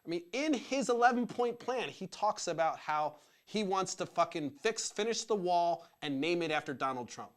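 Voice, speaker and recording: A man's voice: sits high, lively intonation, normal speed, hardly any pauses. A man hosting his own show, ranting about politics in an angry, profane, emphatic way. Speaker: podcast host.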